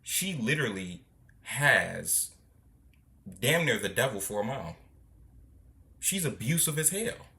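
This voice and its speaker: A podcast host reacting to a guest's story, loud, incredulous and profane. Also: medium pitch, very animated, slow, long pauses. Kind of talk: reaction commentary.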